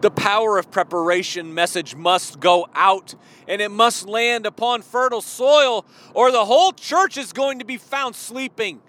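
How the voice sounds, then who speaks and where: A man's voice: sits high, normal speed, sharp tone. A male preacher delivering a sermon with emphatic, repeated rhetorical questions.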